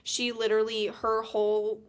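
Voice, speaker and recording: A young woman co-hosts a rewatch podcast in relaxed, chatty talk. Her voice sits a little high, and she gets animated and exasperated as she retells scenes. She swears now and then. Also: normal speed, clean tone. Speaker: podcast co-host. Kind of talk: casual movie recap chat.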